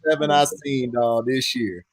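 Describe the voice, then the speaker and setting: A young man with a Southern US accent hosting a casual sports chat, telling animated, profane stories. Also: medium pitch, normal speed, no echo. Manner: animated storytelling, swearing, laughing. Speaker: host.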